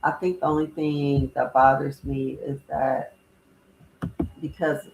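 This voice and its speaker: Opinionated co-host with a gravelly voice, chatty, recorded in an echoey room with faint noise. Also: medium pitch, little pitch movement, slow pace, darkish tone, dull audio. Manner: chatty, opinionated commentary on matches. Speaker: co-host of a wrestling watch-along. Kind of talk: casual live-stream chat.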